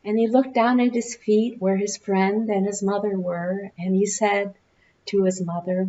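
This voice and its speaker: A woman minister giving an Easter sermon, telling stories with slow, deliberate phrasing and dramatic pauses, in a church. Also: mid-range voice, little pitch movement, mellow, lo-fi sound, slight background noise. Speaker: guest minister. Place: church sanctuary.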